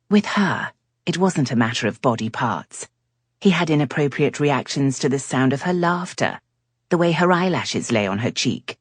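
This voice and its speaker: Woman audiobook narrator, deep husky tone, animated delivery. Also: dry recording. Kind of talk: scripted romance narration.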